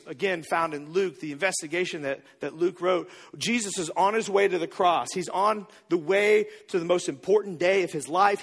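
Husky-voiced male pastor preaching. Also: sits high. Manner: impassioned, swings from loud emphasis to hushed near-whispers. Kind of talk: sermon.

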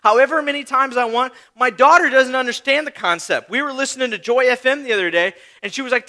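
A male pastor in his thirties delivering a conversational sermon, leaning on rhetorical questions and repeated phrases. His voice sits very high and sounds bright and forward. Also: quick pace, hardly any pauses.

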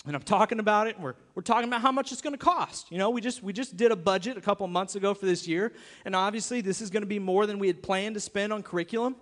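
Brief: emphatic male pastor mid-sermon, high-pitched voice, long reverberant hall. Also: fast, fairly bright tone. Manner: emphatic, repeats himself, acts out quoted voices. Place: church sanctuary.

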